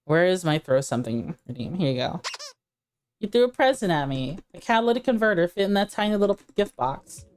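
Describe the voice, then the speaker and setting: A woman's voice: fairly low pitch, sing-song, brisk, darkish tone. A woman streamer chatting casually while playing, laughing easily and talking to her chat.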